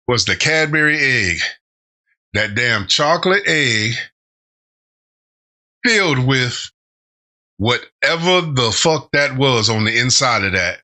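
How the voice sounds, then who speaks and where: A man's voice: medium pitch, expressive, measured pace, sharp tone. A man hosting a reaction channel, giving casual commentary and going off on rambling tangents with frequent laughter.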